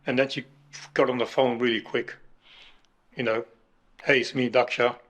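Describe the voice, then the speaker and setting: A middle-aged man recounting his kidney transplant in an emotional interview, halting and restarting as he speaks. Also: mid-range voice, little pitch movement, a bit bright. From United Kingdom. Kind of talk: emotional personal account.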